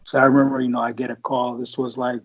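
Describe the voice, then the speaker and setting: A Marine veteran in his forties from the San Francisco Bay Area co-hosts a podcast, talking fast in a level, mid-range voice. His casual storytelling chat is rambling, profane and full of fillers, on a lo-fi recording.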